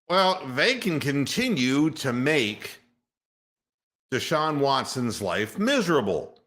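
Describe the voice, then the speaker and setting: A male sports radio host rants in a sarcastic, mocking tone and swears without hesitation. His pitch swings widely up and down, and he takes his time over each point. His voice has a bright, pointed edge. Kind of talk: opinionated sports talk rant.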